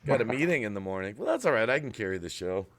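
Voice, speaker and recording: A man's voice: fairly low pitch, sing-song, quick pace, fairly bright tone. A man hosting a casual live stream, joking around and greeting viewers by name over a video call. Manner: jokey, reading out viewer names.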